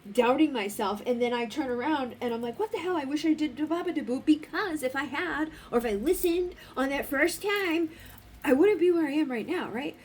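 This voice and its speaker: A woman's voice: high-pitched, a little hiss or hum. A woman giving a casual oracle card reading, talking in a blunt, rambling way and swearing freely. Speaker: spiritual card reader.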